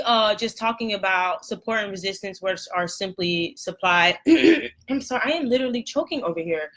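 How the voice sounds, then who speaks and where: A young woman with a scratchy throat teaching trading basics on a live stream, chatty and apologetic, clearing her throat often. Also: medium pitch, pushed and bright. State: hoarse, throat irritated after a run. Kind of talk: casual live lesson.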